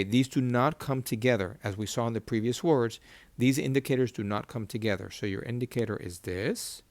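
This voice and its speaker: A male Hebrew teacher walks students through a reading lesson at a board. He repeats key terms and keeps asking checking questions. His voice is mid-pitched and recorded dry, with no room echo. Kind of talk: whiteboard lesson.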